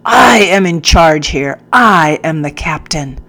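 A woman's voice: low voice, slow. A woman voicing a furious male army captain who screams and barks orders in a hysterical rage. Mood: commanding.

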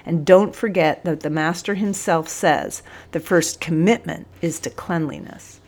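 A woman's voice: fairly low pitch, measured pace, darkish tone. A woman voicing an eager, earnest young male jail corporal in a spoken story. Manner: earnest, pleading.

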